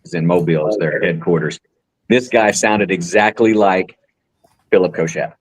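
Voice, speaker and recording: A man's voice: low voice, moderate pace, husky, no room sound. A man telling a jokey story in a casual chat, laughing often.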